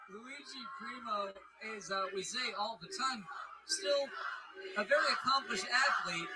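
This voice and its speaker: High-voiced excitable wrestling co-commentator. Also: male voice, a little slow, heavy background noise. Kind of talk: color commentary.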